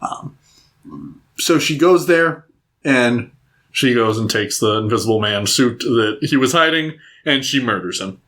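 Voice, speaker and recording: A man's voice: mid-range voice, lively intonation, unhurried, fairly bright tone. Rambling man recapping a film. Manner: rambling retelling with filler words and acted-out quotes. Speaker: podcast co-host. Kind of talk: casual movie recap chat.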